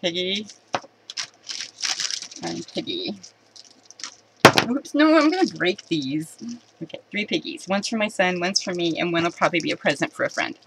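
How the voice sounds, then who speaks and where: A woman chatting excitedly to camera while unboxing a box of candy at home, giggling and restarting her sentences. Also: lowish voice, normal speed, long pauses, heavy background noise. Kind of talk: casual unboxing chat to camera.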